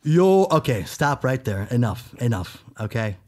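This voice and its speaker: A man's voice: medium pitch, sing-song, unhurried, darkish tone, pitched below the performer's own voice. A man acting out a comic skit, playing both Dracula and a bewildered random guy. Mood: exasperated.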